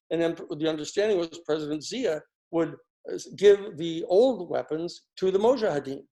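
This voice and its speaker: A man's voice: a little high, vocal fry, a little mellow. An older man from the United States giving a rambling, sarcastic political commentary, full of fillers and restarts. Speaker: speaker giving a political talk. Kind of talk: casual spoken commentary.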